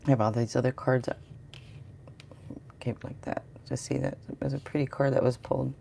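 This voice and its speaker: A woman's voice: very deep voice, fairly even intonation, brisk, creaky, warm tone, a little hiss or hum. A middle-aged woman giving a rambling, chatty live tarot reading and talking to viewers in the chat. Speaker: tarot reader.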